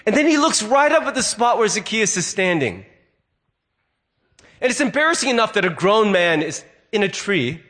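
Man, pastor, sermon, high-pitched voice, storytelling delivery. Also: sing-song, moderate pace, bright, forceful tone. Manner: storytelling, acts out voices in quotes.

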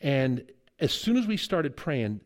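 A middle-aged man preaching a sermon, telling a lively story with humor and chuckles as a guest preacher and seminary teacher. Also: medium pitch, slow.

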